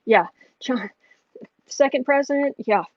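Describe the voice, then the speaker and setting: A woman's voice: high-pitched, a little slow, a little mellow, no echo, muffled recording. A woman reading astrology and tarot on a casual home livestream, musing and thinking aloud as she goes.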